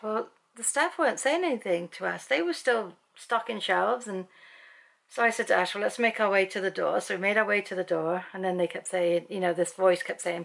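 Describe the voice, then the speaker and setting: A bit bright and creaky, her mid-range voice runs a little fast as this middle-aged British woman vlogs from home in the evening. The family vlogger keeps it casual and chatty, rambling through a long story full of ums.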